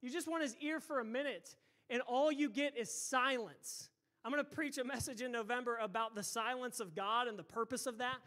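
A pastor preaching a sermon into a microphone in a church, loud and emphatic, repeating words and breaking into shouts. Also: male voice, extremely high pitch, fairly quick. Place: church sanctuary. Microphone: handheld or stage microphone.

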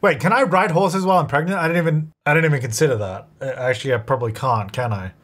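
A man's voice: a little high, fast talker, a bit bright. A man giving casual let's-play commentary, chatty and narrating his own moves, laughing often. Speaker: gaming video creator.

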